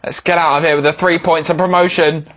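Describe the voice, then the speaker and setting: Excitable man commentating a football game. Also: quick pace. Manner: swings from low muttering to high shouting. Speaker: gaming video host.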